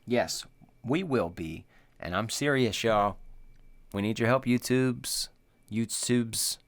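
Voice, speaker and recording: A man's voice: fairly low pitch, lively intonation, slow pace. A middle-aged man co-hosting a podcast, telling a story in a rambling, filler-heavy way. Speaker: podcast co-host. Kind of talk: casual chat.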